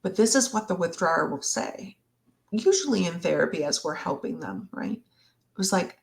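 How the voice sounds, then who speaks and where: A woman therapist in a live Q&A, speaking slowly and reflectively, sometimes acting out what a partner might say. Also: fairly low pitch, expressive, creaky. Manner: slow, reflective, acts out partner's words. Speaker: relationship therapist. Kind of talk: live Q&A discussion.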